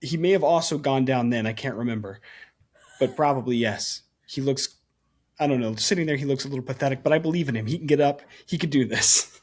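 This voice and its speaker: A man with a mid-range voice plays a tabletop horror game. He narrates his character's actions with animated, joking energy and talks through his turn aloud. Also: mid-range voice, brisk. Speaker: player.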